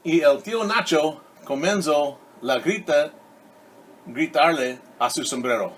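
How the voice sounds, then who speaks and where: A man's voice: a little high, fairly bright tone, a little hiss or hum. A male teacher reading a children's story aloud, speaking patiently to young listeners. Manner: slow, patient, addresses children directly.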